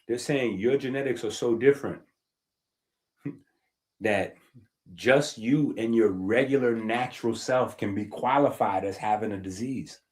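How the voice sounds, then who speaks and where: A man's voice: mid-range voice, measured pace, darkish tone. A man giving a casual, emphatic health-talk monologue, reading passages aloud and often checking in with "right?". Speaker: health streamer.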